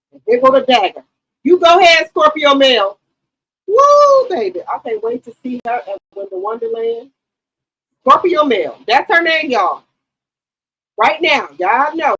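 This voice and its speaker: A woman hosting a gossip channel, giving casual, loud, profane commentary on reality TV and talking straight to her chat. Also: on the high side, breathy edge, low-quality recording. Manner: loud, profane, emphatic hype.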